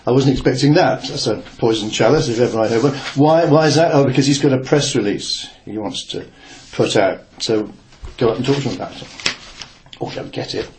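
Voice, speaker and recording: Recounting a memory from his reporting days at a newspaper, an older man rambles and hesitates, restarting often and using lots of fillers in this reflective oral history. His mid-range, darkish voice moves a little fast, with a little hiss or hum in the audio.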